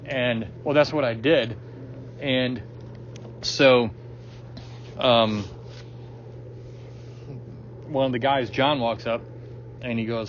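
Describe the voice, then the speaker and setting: A man's voice: mid-range voice, fairly even intonation, slow pace, pauses often, a little hiss or hum. A man telling a personal story in casual talk, loose and rambling, with many fillers and restarts and plenty of swearing. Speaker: guest sharing a personal story. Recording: dull lo-fi recording.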